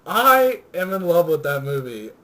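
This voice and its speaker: A young man with a slightly high-pitched voice rants about movies in a loose, crude chat with a friend. He swears freely, laughs often and gets animated when he is worked up. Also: a little slow, rough recording. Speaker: co-host of a movie review show.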